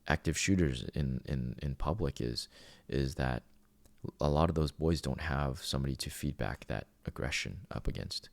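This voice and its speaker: A man in his thirties with a very deep voice and a rough, gravelly edge, recorded close and dry. He talks earnestly in a loose monologue and often stops to restart his sentences. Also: no room sound. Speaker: podcast host. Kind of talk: casual spoken monologue.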